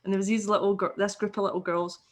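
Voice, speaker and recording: A woman's voice: medium pitch, flat delivery, quick pace. A Scottish woman, a podcast guest, telling a story casually and animatedly, swearing freely and acting out the people she quotes.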